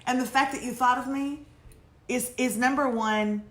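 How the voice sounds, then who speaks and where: A woman's voice: sits high, moderate pace. A middle-aged woman, hosting a casual live chat, reading viewer emails and teasing with jokes and laughter. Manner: animated, joking, laughing, teasing. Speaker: host. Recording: echoey room.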